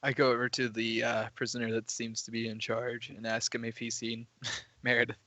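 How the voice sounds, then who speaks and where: A man's voice: mid-range voice, completely flat delivery, moderate pace, bright, forceful tone. A man playing a tabletop role-play, talking through laughs in an exasperated way. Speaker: player.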